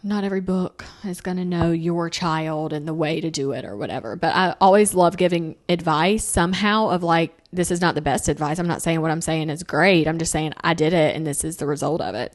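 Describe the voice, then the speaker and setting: A woman's voice: fairly low pitch, fairly quick, hardly any pauses. A young woman hosting a casual family podcast chat, telling parenting stories and acting out the lines she quotes. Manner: animated storyteller, acting out quotes in sing-song voices. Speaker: podcast host.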